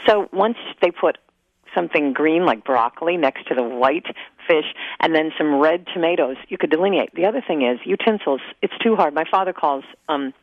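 A woman's voice: low voice, animated, normal speed, dry recording, highs cut off. A woman talking as an author guest in a radio interview, earnest and conversational.

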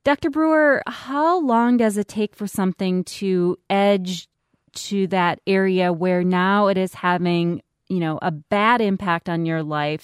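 A woman hosts a call-in radio show with a smooth, resonant voice of middle pitch. She speaks in a clear, steady presenter way. Her voice is close and dry. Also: dry recording. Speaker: radio host. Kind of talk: call-in radio interview hosting.

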